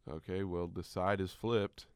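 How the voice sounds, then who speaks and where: A man co-hosting a sports podcast in casual chat, deadpan and quick to argue a point. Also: sits low, clear, resonant tone, no echo, clean studio sound. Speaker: podcast co-host.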